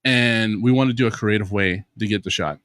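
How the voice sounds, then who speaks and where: A man with a Louisiana accent co-hosting a casual pop culture talk stream. He explains filmmaking in a relaxed way and leans on "you know.". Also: on the low side, a little fast, no echo, clean studio sound. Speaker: co-host. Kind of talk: casual chat.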